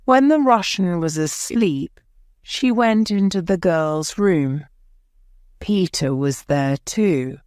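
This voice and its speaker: A woman narrating a graded-reader story for English learners in a slow, clear reading. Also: fairly low pitch, lively intonation, a little mellow, no room sound, studio quality. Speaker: audiobook narrator.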